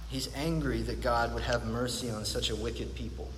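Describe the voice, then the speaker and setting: Preaching at an ordinary mid-range pitch, this man speaks earnestly and reflectively, with each line trailing off into long reverb. His intonation stays fairly even at a normal speed, he barely pauses, and he keeps repeating phrases for emphasis. A faint noise lies under the audio.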